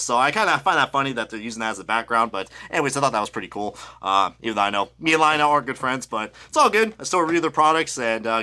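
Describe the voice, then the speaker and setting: Excitable, rambling young man. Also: on the high side. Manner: excitable, rambling, cursing, goes off topic. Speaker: diecast reviewer streaming live. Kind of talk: casual live-stream product review.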